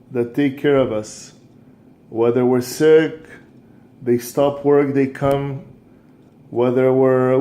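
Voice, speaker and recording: A man teaching a scripture lesson, telling a moral story in an animated way with frequent restarts. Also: a little high. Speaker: religious teacher and coach.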